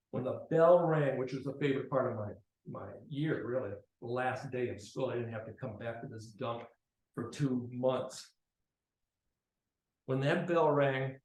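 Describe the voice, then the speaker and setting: Man telling a story in a roomy echo. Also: mid-range voice. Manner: conversational, animated, swings between loud and quiet. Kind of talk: personal storytelling.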